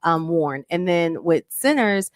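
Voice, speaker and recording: A woman's voice: fairly low pitch, expressive, slow, dry recording, studio quality. A woman co-hosting a casual talk show, speaking earnestly and reflectively with frequent restarts. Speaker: co-host.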